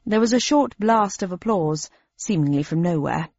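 A woman reading a first-person audiobook narration with expressive storytelling. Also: lowish voice, moderate pace, hardly any pauses, no room sound, lo-fi sound.

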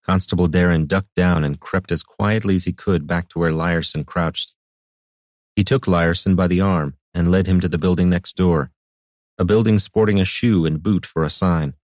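A man narrating a fantasy audiobook in a measured, even storytelling manner. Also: low voice, no echo, clean studio sound.

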